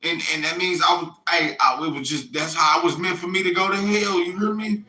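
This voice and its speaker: A man's voice: on the high side, steady tone, a little fast, bright, forceful tone, reverberant, poor audio. A middle-aged man giving a rambling, profane spiritual monologue that keeps checking in with "you hear me?". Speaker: self-styled religious messenger.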